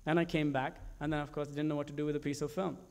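A male commercial director telling stories about his work in an animated way, with frequent restarts and fillers. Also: fairly high pitch, fast talker.

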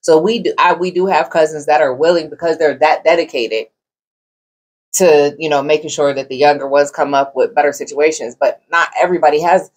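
A woman's voice: low voice, steady tone, a little fast, breathy edge. A woman co-hosting a casual podcast discussion, speaking earnestly from personal experience.

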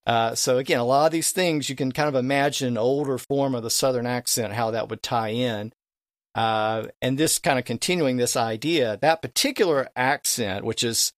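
A man speaks as a guest expert on a podcast, patiently walking through how old English dialects sounded. His voice sits in an ordinary middle register. Now and then he stretches a vowel to show how it was said, and the close microphone gives a dry sound with no room echo. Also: mid-range voice. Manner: lecturing, drawing out vowels to demonstrate old pronunciations. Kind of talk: explanatory podcast talk.

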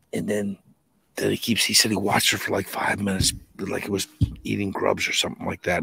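A man with a Boston accent tells story after story as a podcast guest, rambling and jumping between tangents with animated energy. His low voice is gravelly and husky. It is recorded dry, with no room sound. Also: dry recording. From New England. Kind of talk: casual storytelling.

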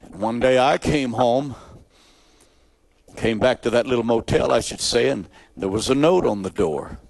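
With a gravelly, mid-pitched voice, a man preaches his own testimony in an animated way at a moderate pace. He builds to loud, high peaks, then drops to near-hushed, low asides, and the close, dry recording has no room sound.

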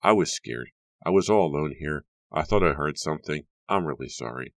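A man's voice: very deep voice, expressive, fairly quick, creaky, dry recording, heavily acted. A man reading an audiobook, voicing a nervous, embarrassed teenage girl who stumbles over her words. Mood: apologetic. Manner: nervous, flustered, apologetic.

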